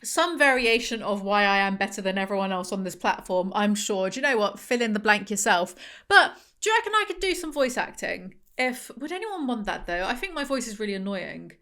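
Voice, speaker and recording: Bright, sarcastic London woman. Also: medium pitch, big pitch swings, brisk. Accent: London English. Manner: sarcastic, self-mocking, theatrical. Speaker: book reviewer. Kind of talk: sarcastic book review with read excerpts.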